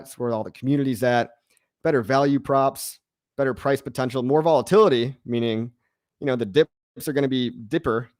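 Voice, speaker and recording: A man's voice: mid-range voice, darkish tone, no echo. Male host in his thirties, slangy, laid-back, laughs a lot, dry close sound. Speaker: crypto show host. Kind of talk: casual livestream Q&A.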